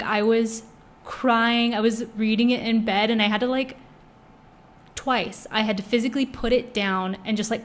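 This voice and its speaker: A young woman in casual chat reviewing books, gushing and chatty, with many fillers. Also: a little high. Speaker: book vlogger.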